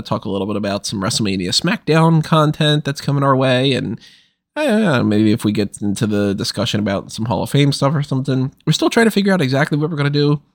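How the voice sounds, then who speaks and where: A man's voice: mid-range voice, dry recording, clean studio sound. A man hosting a casual podcast chat while a little under the weather, talking in a wry, deflated, complaining way. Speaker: podcast host.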